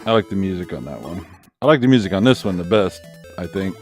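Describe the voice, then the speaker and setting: A man's voice: low voice, lively intonation, fast talker, darkish tone. A middle-aged man streaming a game in casual chat, laid-back and chuckling at himself. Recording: faint game music behind.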